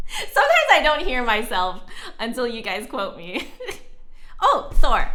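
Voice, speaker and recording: A woman's voice: fairly high pitch, huge pitch swings, slow, long pauses, pushed and bright. A young woman musician chatting casually with her live-stream audience, giggling often and a little out of breath. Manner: chatty, giggly, reads chat aloud. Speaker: flutist streamer.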